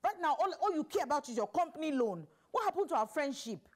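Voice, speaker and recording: A woman with a Nigerian Pidgin accent, acting a brash, broke tenant in a comedy skit who scolds loudly and laughs often. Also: high-pitched, big pitch swings, quick pace. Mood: annoyed.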